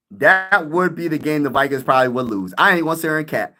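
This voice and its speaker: A man's voice: a little high, quick pace, few pauses, sharp tone. Hyped young man chatting on a live stream. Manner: hyped, rambling, laughs a lot, slangy. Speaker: sports YouTuber live-streaming, answering chat. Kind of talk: casual live-stream chat.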